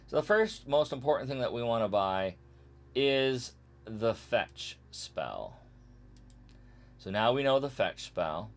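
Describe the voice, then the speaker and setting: A man streaming a retro game, joking casually and skipping the game's text with strings of blah blah and meow. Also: mid-range voice. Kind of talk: casual let's-play commentary.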